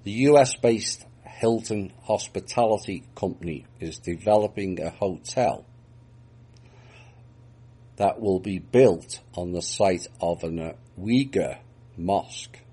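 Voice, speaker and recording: A man with a deep, husky voice reads news items aloud in a steady commentary style. He breaks in with dry, sarcastic asides between the reports. His tone stays dark and mellow throughout. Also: takes it slowly. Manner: dry, mocking remarks between read-out reports.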